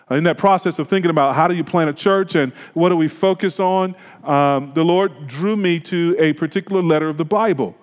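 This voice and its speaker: A pastor preaching a sermon, telling a personal story in a conversational, reflective way. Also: male voice, a little high, in a large hall.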